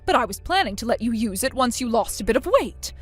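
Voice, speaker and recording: A woman's voice: a little high, lively intonation, fast, slightly rough. A woman voicing a stern middle-aged mother in a texting story, cold and contemptuous as she scolds her daughter. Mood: scornful.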